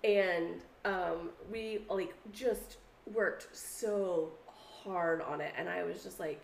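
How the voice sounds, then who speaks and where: A woman co-hosting a podcast in casual chat, an animated storyteller who swears freely. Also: on the low side, slow pace, creaky, reverberant, a little hiss or hum. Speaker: podcast co-host.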